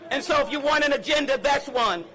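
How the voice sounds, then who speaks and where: A lawmaker addressing a rally in an impassioned public speech, with rhythmic, building oratory and slow, counted pauses. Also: male voice, very high-pitched, lively intonation, sharp tone, some chatter behind, a little hiss or hum, poor audio.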